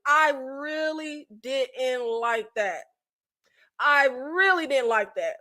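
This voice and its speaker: A woman's voice: sits high, expressive, takes it slowly, pushed and bright. A woman vlogger giving casual, profane commentary on a reality show, ranting with emphatic repetition and laughing often. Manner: talkative and emphatic, repeats phrases.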